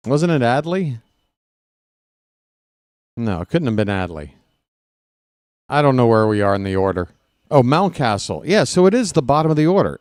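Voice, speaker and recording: A man's voice: mid-range voice, a little mellow, no echo, studio quality. A man doing casual, rambling play-by-play for a live stream, joking and snapping at the umpire. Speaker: fan play-by-play commentator.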